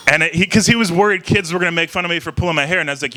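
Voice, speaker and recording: A young man from Ohio works through a loose stand-up set, stumbling over restarts and chuckling at his own lines. His voice sits a little high and rings bright. It has a self-deprecating, halting delivery. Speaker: stand-up comedian. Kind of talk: open mic stand-up set. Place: small bar venue with live crowd.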